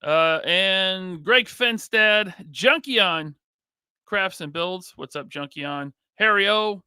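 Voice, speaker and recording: A U.S. podcast host greets his live chat by name, running through the list with quick, casual, upbeat hellos. His high-sitting voice is bright, forceful and clean, recorded at studio quality with no room sound.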